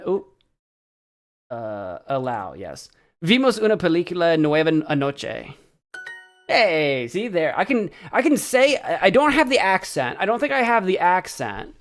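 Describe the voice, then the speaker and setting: A young man chats casually on a live stream, his voice sitting a little higher than most men's. He is self-deprecating and stumbles over Spanish words as he practices. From central Illinois, US.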